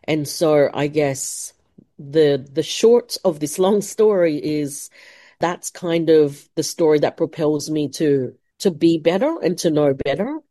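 A woman gives a candid interview. Her voice sits low and mellow, and her delivery is chatty and informal, full of "like" and "um" and quick laughs. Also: expressive. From Philippines. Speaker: interview guest, researcher.

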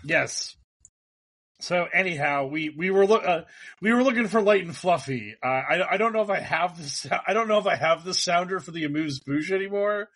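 A man's voice: sits high, animated, normal speed, fairly bright tone. A middle-aged man hosting a comedic podcast, riffing jokily with guests and often restarting his sentences. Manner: jokey, riffing, many restarts. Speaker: podcast host. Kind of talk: casual comedic podcast chat.

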